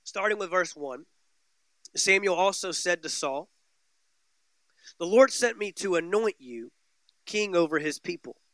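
A male pastor delivers a sermon in a high, bright voice, hammering home repeated phrases. His delivery swings from forceful peaks to hushed low lines, captured dry and close with no room echo. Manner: emphatic preaching, repeating phrases with rising and falling intensity.

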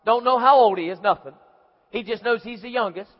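A man preaching a sermon, dramatic and acting out voices, rising to shouts. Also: extremely high pitch, brisk. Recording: muffled, hall reverb.

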